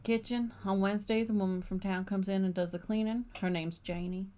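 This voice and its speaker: A woman's voice: medium pitch, steady tone, a little fast, dark tone, natural voice. A woman voicing a blunt, guarded young woman with a put-on Southern US accent, speaking in a curt, dry way.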